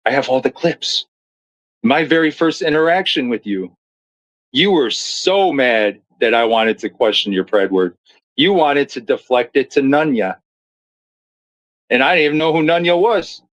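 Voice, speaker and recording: A mid-pitched man talks straight to his viewers. He is blunt and foul-mouthed, telling stories of an online feud and reacting to comments as he goes. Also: lively intonation, a little slow, low-quality recording. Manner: blunt and profane, storytelling. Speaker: streamer commentator. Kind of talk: reacting to clips and reading comments.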